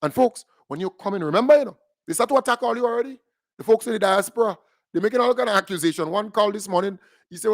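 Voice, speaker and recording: A Grenadian man hosting a call-in radio show, talking in a lively, joking way with Caribbean creole phrasing. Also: high voice, fast talker, no room sound, studio quality. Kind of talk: casual radio talk with a caller.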